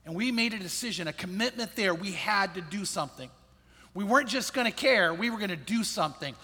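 Earnest high-voiced pastor telling a story. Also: male voice, animated, fairly quick, slightly rough, in a large hall. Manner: earnest, reflective storyteller, voice drops low and soft at sad moments. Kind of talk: personal storytelling talk.

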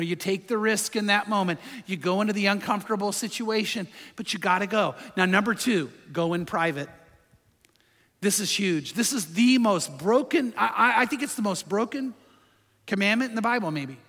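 A man's voice: high voice, moderate pace, pushed and bright, long reverb tail. A man preaching a sermon in a conversational, emphatic way, asking his listeners rhetorical questions. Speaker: pastor.

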